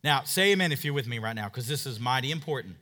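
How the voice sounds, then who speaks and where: A man's voice: mid-range voice, animated, fast talker, pushed and bright. A middle-aged male pastor preaching an emphatic sermon, calling for amens from the congregation. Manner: emphatic preaching with call-and-response.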